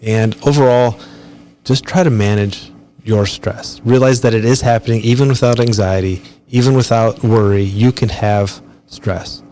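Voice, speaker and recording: A man's voice: lowish voice, fairly even intonation, moderate pace, dark tone, slight background noise. A man hosting his own podcast, talking casually and personally into a close mic, with frequent restarts and fillers. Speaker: podcast host. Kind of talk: solo podcast monologue.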